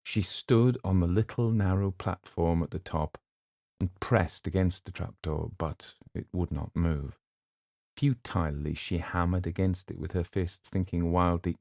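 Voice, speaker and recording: A man narrating a novel in a steady, measured storytelling voice. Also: low voice, creaky, dry recording, studio quality. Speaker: audiobook narrator. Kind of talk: scripted narration.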